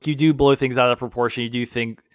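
A man's voice: mid-range voice, quick pace, smooth, no room sound, clean studio sound. A young man in casual podcast chat, retelling favorite TV moments with frequent laughter. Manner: giggly, animated storytelling with frequent laughter.

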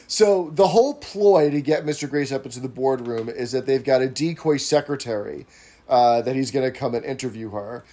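A man's voice: mid-range voice, moderate pace, mellow. A man hosting a casual podcast, recapping an episode scene by scene. He adds asides and keeps checking in with a rhetorical "right?". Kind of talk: casual chat.

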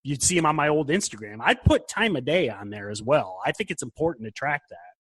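A man's voice: medium pitch, sing-song, fairly quick, fairly bright tone, husky, no echo. A man hosting a podcast, giving emphatic trading advice in casual chat. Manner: emphatic, advising. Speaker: podcast host, trading mentor.

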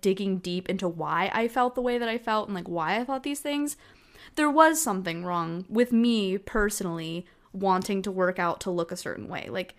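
Giggly young woman vlogger, close mic. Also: medium pitch. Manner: giggly, self-mocking, breaks into laughter. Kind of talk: casual reaction vlog.

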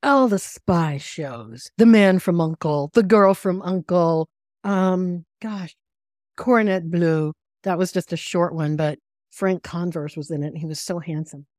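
A woman's voice: lowish voice, measured pace, a little mellow, no room sound, studio quality. An older woman from the United States, an author chatting as a podcast guest, telling anecdotes and laughing often. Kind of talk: casual conversation.

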